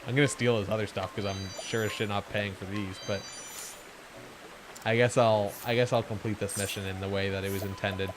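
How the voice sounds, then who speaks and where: A man's voice: fairly low pitch, steady tone, brisk, music in the background. A man giving chatty, joking commentary while streaming a game. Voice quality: chatty, joking, self-deprecating. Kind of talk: casual gameplay commentary.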